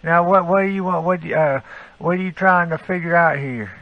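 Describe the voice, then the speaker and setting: A man's voice: fairly high pitch, normal speed, dry recording, natural voice. A prank caller playing a rude, impatient male delivery service rep who fires questions at the caller. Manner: curt, interrogating, repeating questions. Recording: dull, lo-fi phone audio.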